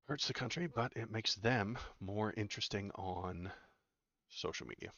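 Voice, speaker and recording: A man with a very low, gravelly voice talks through the news in a sarcastic, rambling way, full of hesitations. The sound is dry and a little dull, like a lo-fi home mic. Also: moderate pace, fairly bright tone, no echo. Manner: sarcastic, rambling, many "uh" fillers. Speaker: political commentary streamer. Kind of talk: casual commentary reading news aloud.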